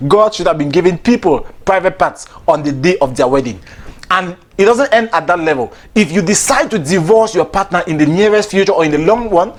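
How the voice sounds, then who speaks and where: A man delivering a chatty, preachy comic monologue, repeating himself and laughing between lines. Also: fairly high pitch. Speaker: comedian.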